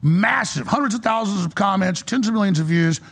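A man's voice: high-pitched, lively intonation, a little fast, fairly bright tone. A man ranting as a political commentator in a heated, exasperated monologue, blunt and profane.

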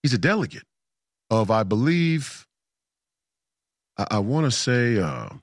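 A man's voice: mid-range voice, big pitch swings, measured pace, no echo, studio quality. A man in a casual storytelling monologue, emphatic and combative, repeating himself for effect. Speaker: political commentator.

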